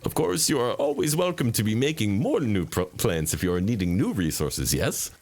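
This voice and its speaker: A man voicing a polite, quirky male tea shop mentor who speaks formally in oddly broken phrasing, with a gentle, unhurried and mildly teasing manner. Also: lowish voice, expressive. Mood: explaining.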